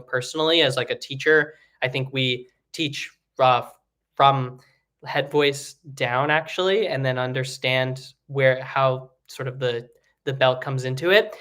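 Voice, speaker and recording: A man teaching singing in a casual, rambling way, with many fillers and restarts, breaking into high sung examples. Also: bright, forceful tone. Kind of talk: live online singing lesson.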